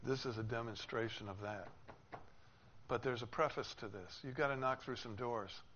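A man with a mid-range voice preaches a sermon at a moderate pace, explaining a passage and acting out its characters with mounting emphasis. His delivery is expressive. The recording sounds slightly dull, with faint noise.

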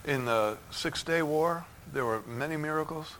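A man preaching a sermon from the pulpit, fervent, swinging from low, quiet lines to shouted bursts of joy. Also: normal speed, slight background noise. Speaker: pastor. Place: church sanctuary.

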